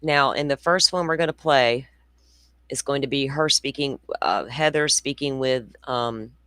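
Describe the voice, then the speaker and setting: A woman's voice: extremely low pitch, unhurried, fairly bright tone, no echo. Woman, 40s, true crime host, casual commentary, blunt, rambling, dry sound. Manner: chatty, blunt, rambling asides.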